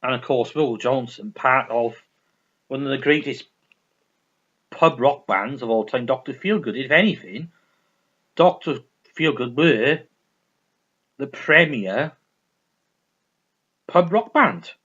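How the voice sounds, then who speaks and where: A man with a medium-pitched, fairly bright voice and a breathy edge takes his time, pausing often while his intonation stays lively. He's a vinyl collector vlogger chatting casually about records, enthusiastic, rambling, and repetitive, on a dull lo-fi recording.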